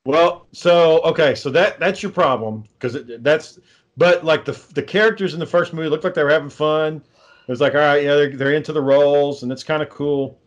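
A man with a slightly high voice rants in casual conversation, cursing freely and mocking what he dislikes. His delivery is loose and sarcastic, with plenty of restarts as he works himself up. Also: normal speed, lo-fi sound. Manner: ranting, sarcastic, swears constantly. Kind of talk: casual profane chat.

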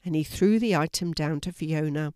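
An older woman with a soft, low voice calmly and clearly reads a children's story at normal speed. It's a close, dry recording with no echo.

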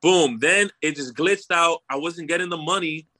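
Telling a story in a casual conversation, this young man speaks at a moderate pace in a voice on the high side. His delivery is lively and full of slang and swearing, with "bro" and "right?" tacked onto his lines.

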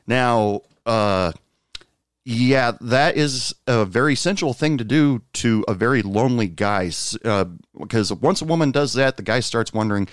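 A man casually telling a long personal anecdote, rambling with fillers and asides, jumping up in pitch when quoting others. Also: measured pace, clean tone, no room sound, studio quality. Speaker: storyteller.

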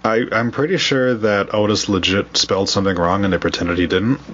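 A man from Wisconsin with a Midwestern accent, co-hosting a casual podcast chat and talking in halting bursts with restarts. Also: on the low side, steady tone, fairly bright tone, breathy edge. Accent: Midwestern American. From Wisconsin, USA. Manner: halting, many restarts and laughs. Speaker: podcast co-host. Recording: dull lo-fi audio with faint noise.

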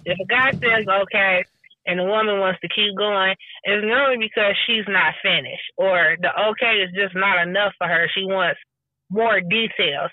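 A woman's voice: medium pitch, no room sound, phone-quality sound. A woman in her forties, a guest who hosts her own podcast, chatting casually in a blunt, slangy way and laughing easily.

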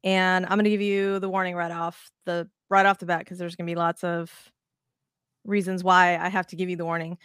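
A woman co-hosting a casual baseball podcast, talking in an animated, rambling way with restarts and plenty of swearing. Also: on the low side, a little fast, clear, resonant tone, dry recording, studio quality. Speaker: podcast co-host.

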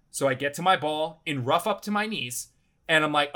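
Animated man ranting through a golf story. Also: on the high side, a little fast. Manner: animated, swearing, rambling with many "I'm like"s. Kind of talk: casual anecdote.

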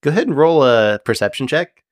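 A man's voice: a little high, big pitch swings, brisk, dry recording, studio quality. Chatty man running a tabletop game. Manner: loose and chatty, full of "like". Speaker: game master. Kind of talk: casual tabletop game narration.

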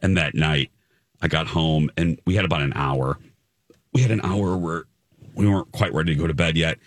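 A man's voice: rumbling low, normal speed, dry recording, clean studio sound. A man hosting a talk show, chatting casually and acting out quotes as he tells a story. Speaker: radio show host. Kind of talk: casual chat.

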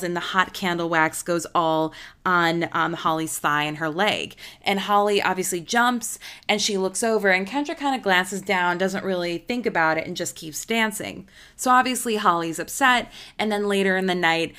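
A woman in her thirties hosts a podcast in a casual storytelling monologue. Her voice sits a little low for a woman, and she talks in a chatty, gossipy way, leaning hard on the juicy parts. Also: a bit bright, clean tone. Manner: chatty, gossipy, emphatic retelling. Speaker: podcast host.

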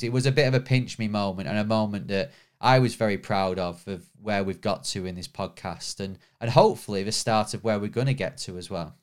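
A man's voice: lowish voice, a little fast, clean tone. Chatty podcast host, easygoing man. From United Kingdom. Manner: chatty, self-deprecating, laughs easily. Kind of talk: casual podcast chat.

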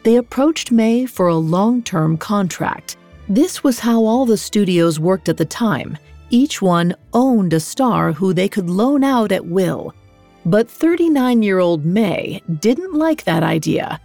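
A woman reading a scripted historical story, measured, with dramatic pauses. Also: mid-range voice, lively intonation, a little mellow, dry recording, faint music behind. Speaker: narrator. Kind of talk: scripted documentary narration.

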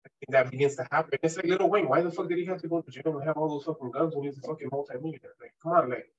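Husky man telling raw street stories. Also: on the high side, fairly even intonation, rapid-fire, dull audio. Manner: emphatic, swears often, many "right?" and "like" tags. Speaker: podcast guest. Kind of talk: candid conversational storytelling.

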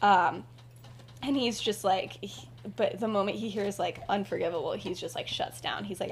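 A woman's voice: moderate pace, a little hiss or hum. Chatty woman retelling a story. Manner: rambling, full of "like" and "um" fillers; drops into soft, low asides. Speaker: podcast co-host retelling a fan story. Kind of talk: casual spoken storytelling.

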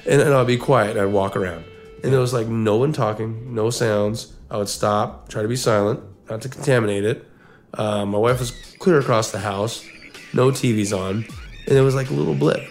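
A man's voice: medium pitch, normal speed, faint music behind. A man co-hosting a casual podcast, telling a long story and often repeating words as he goes. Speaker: podcast co-host.

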